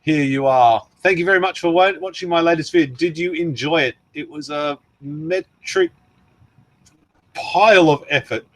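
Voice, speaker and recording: Reading viewer comments on his laid-back livestream, this Australian host rambles and laughs through his replies. He speaks at normal speed in a high-leaning, somewhat bright voice, with no echo in the audio.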